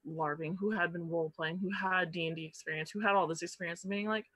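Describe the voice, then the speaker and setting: A woman telling a story as a guest in casual podcast chat, animated and swearing casually. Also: lowish voice, fast, no room sound.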